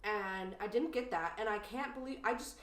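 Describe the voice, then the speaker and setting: Animated woman co-host, roomy off-mic sound. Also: mid-range voice, moderate pace, far from the mic. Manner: animated, indignant storytelling with many "like" fillers. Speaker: podcast co-host. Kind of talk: casual chat.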